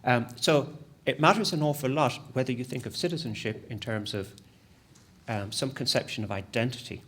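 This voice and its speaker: A man giving a conference presentation as an academic, lively and self-deprecating, with frequent restarts. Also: medium pitch, normal speed.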